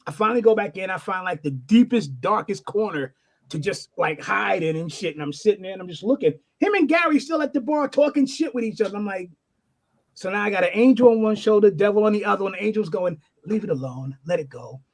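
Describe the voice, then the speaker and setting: A middle-aged man, a guest musician, telling an animated, profane story in casual chat. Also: high-pitched, fast talker. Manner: animated, profane, acts out the voices in his stories.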